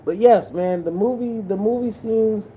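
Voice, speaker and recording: A man's voice: high-pitched, a little slow, warm tone, slight background noise, poor audio. Young male vlogger, rambling and profane, talks casually while he edits. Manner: loose, profane, rambling storytelling with restarts. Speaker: movie vlogger.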